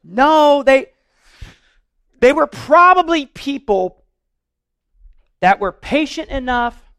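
A pastor with a notably high voice preaches to his congregation. He talks earnestly but loosely, trips over and repeats words as he goes, and slips in playful humor. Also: animated, extremely slow, pauses often, fairly bright tone. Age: adult, married. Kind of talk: sermon.

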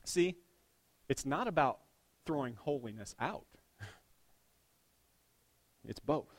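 Slow and expressive, this middle-aged pastor's mid-range voice moves from loud outbursts to quiet asides as he preaches. Along the way he cracks fatherly jokes about his daughter.

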